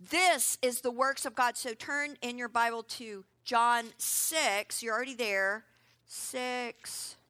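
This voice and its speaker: High, bright-voiced woman preaching a sermon. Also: takes it slowly, no room sound. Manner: animated, calls out "come on" to the crowd.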